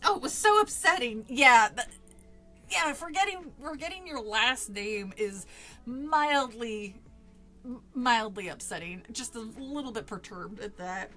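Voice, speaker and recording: A woman's voice: on the high side, animated, measured pace, fairly bright tone, soft background music. A young woman streaming a book reading, breaking off for casual, sarcastic commentary with swearing and laughs.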